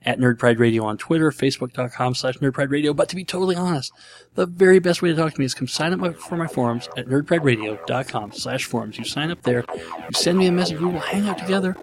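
A young man hosting his podcast in a casual, jokey, self-mocking way, full of quick asides. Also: medium pitch. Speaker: podcast host.

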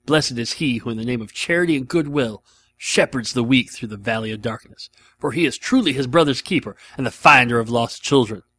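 A man putting on the voice of a fierce hitman reciting scripture, building from measured menace to booming fury. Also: sharp tone, dry recording, full character voice.

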